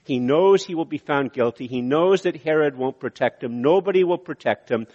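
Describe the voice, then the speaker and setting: A man in his sixties, a pastor preaching a sermon in an earnest, repetitive way with pauses and fillers. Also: fairly high pitch, a little mellow. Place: church hall. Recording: echoey church hall, slightly dull sound.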